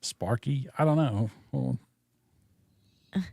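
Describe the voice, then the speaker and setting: A man hosting a podcast in casual chat, self-mocking and halting as he talks. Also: medium pitch, vocal fry, a little mellow, husky, dry recording, studio quality. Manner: self-deprecating, halting with restarts. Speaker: podcast host.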